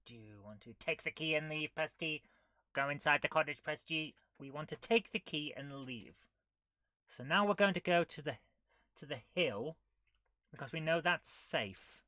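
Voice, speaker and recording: A woman's voice: low-pitched, expressive, moderate pace, pushed and bright, dry recording. A woman, hosting a retro game playthrough, reading the game's text aloud with wry, jokey asides. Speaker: retro gaming host. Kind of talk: casual game playthrough commentary.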